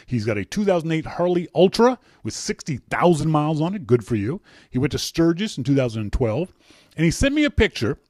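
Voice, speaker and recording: A man's voice: medium pitch, no room sound. Middle-aged male host, loose and joking, voice swinging up and down, dry close-mic sound. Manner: chatty and teasing, laughs often, many restarts. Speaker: podcast host. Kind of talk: casual call-in show, reading listener emails.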